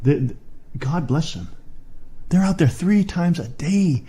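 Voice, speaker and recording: A middle-aged man preaching in a fiery rant, swinging from low muttering to shouted insults. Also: lively intonation, a little slow, breathy edge.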